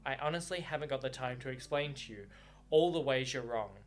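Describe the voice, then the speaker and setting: A man's voice: medium pitch, brisk, lightly acted. A man reading aloud as a hot-tempered young man who blurts out his love through frustrated swearing. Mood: pleading anger.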